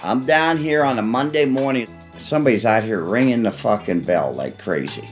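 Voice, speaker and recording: A man's voice: medium pitch, sing-song, moderate pace, faint music behind. An older man recounting his days with the mob in a profane, storytelling way, acting out the voices of the people in his stories. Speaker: interviewee, former mob associate.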